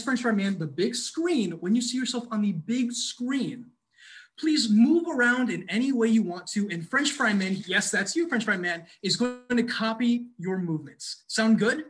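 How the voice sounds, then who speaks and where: A bubbly big brother with a lively, bouncing voice that swoops up and down, hyping the kids, as a man acts him out. He eggs them on with a playful, encouraging tone, the way a children's show leader keeps a crowd moving. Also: sits high, low-quality recording. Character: excitable big brother with French fries. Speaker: stage performer leading children. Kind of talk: interactive children's musical. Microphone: video call.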